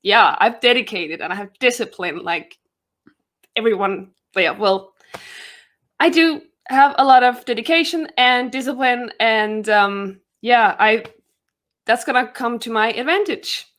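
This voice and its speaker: A woman's voice: on the high side, measured pace, a bit bright. A young woman from Denmark with a Danish accent, a guest giving a chatty self-introduction with frequent laughter.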